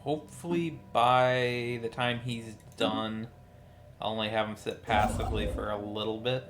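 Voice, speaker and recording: Tired low-key male game streamer. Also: steady tone, measured pace, slight background noise. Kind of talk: casual live-stream commentary.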